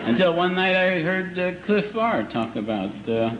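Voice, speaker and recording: An older man giving a recovery meeting talk, telling his story with dry, self-mocking humor and slow, deliberate timing, in a muffled old live recording. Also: high-pitched, sing-song, slight background noise. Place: meeting hall.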